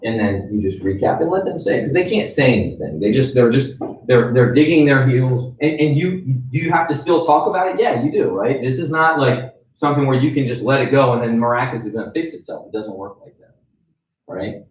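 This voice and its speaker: A man's voice: medium pitch, lively intonation, brisk, distant mic. Male trainer, conversational lecture, roomy echo, a bit off-mic. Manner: conversational, checks in with "right?" and "okay?". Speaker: sales trainer.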